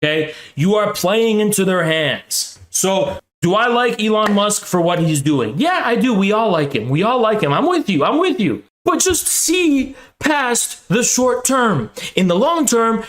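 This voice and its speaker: A man's voice: high voice, sing-song, measured pace, a bit bright, echoey room. A young man hosting a political livestream, ranting heatedly with lots of profanity and sarcastic mockery.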